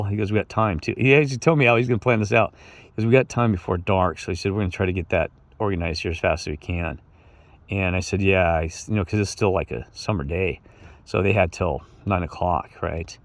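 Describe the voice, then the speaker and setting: Low-voiced man rambling through a story. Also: no echo. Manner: rambling, chuckling, quotes others with "he goes". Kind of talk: casual anecdote told to viewers.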